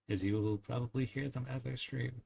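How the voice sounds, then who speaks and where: A young man with a gravelly, husky, darkish medium-pitched voice streams and casually chats with his viewers' live chat. His rambling talk is full of fillers, little laughs and small tic sounds.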